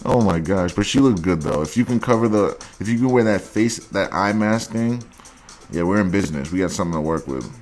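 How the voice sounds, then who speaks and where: A man hosting a dating advice show, giving blunt, crude and mocking commentary on dating profiles. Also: low-pitched.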